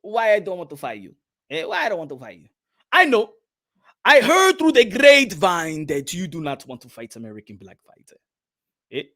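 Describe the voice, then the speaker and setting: A man's voice: high voice, wildly swooping pitch, moderate pace, a bit bright, exaggerated voice. A man putting on the voice of a boastful African boxer who taunts a rival with chuckling mockery. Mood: mocking.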